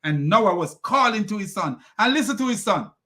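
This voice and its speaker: A man with a high voice hosts a commentary and mocks as he goes. His tone is bright and pointed. He laughs often and trips over restarts. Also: animated, fairly quick. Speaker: host. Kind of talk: critical commentary.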